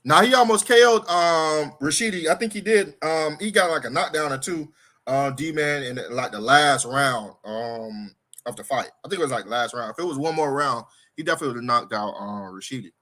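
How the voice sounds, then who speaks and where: A man's voice: fairly high pitch, moderate pace, sharp tone. A young man co-hosting a casual live sports stream, reading viewer comments aloud, teasing his co-host and laughing often.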